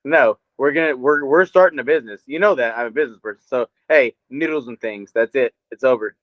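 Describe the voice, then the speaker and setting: A man's voice: mid-range voice, fairly quick, no echo. A man co-hosting a podcast in casual chat, rambling and swearing freely, often breaking into laughter. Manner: profane, rambling, laughs a lot. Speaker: podcast co-host. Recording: dry, dull lo-fi sound.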